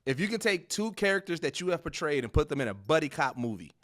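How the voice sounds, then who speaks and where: A laid-back male host leads a casual interview, his voice a little higher than average. He laughs along easily and reads out his segment questions. The sound is dry and close. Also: very animated, fast, fairly bright tone, no room sound. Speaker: podcast host.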